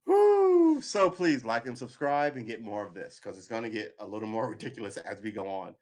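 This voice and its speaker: A man's voice: medium pitch, very animated, brisk, a little mellow. A man giving live political commentary, angry and sarcastic, swearing, reading news aloud and cutting in with remarks.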